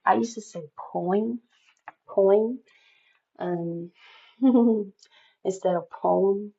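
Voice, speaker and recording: A woman's voice: on the low side, gravelly, warm tone, highs cut off. A woman giving an intuitive tarot reading, talking in an emphatic, spiritual way and often repeating phrases. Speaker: tarot reader.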